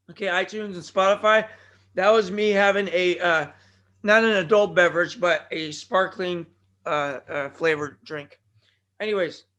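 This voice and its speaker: Male podcast host, high-pitched voice, rambling and digressive, bursts of shouting, scratchy throat. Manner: digressive, with sudden loud outbursts. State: throat bothering him. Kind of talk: rambling solo podcast talk.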